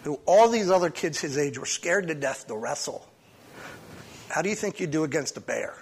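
Man preaching a short sermon, slightly high voice. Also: animated, moderate pace, gravelly, a little hiss or hum. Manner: conversational, with frequent restarts and sudden swings in loudness. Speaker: pastor. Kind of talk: sermon with scripture reading. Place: church service.

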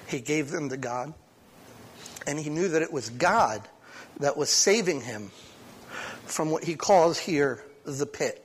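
A pastor reading a psalm aloud and then preaching a short sermon at a church service, talking conversationally with frequent restarts. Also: male voice, on the high side, a little hiss or hum. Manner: conversational, with frequent restarts and sudden swings in loudness.

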